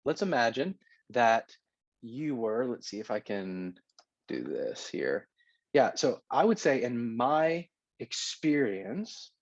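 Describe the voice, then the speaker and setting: A man's voice: medium pitch, no room sound, muffled recording. A man teaching a recorded lesson in a conversational way, often checking in with "okay?". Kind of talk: recorded lecture.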